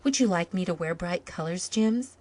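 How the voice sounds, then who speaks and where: A woman reading a storybook, voicing a gentle, lonely older woman who speaks softly and wistfully. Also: lowish voice, expressive, moderate pace. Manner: soft, wistful delivery.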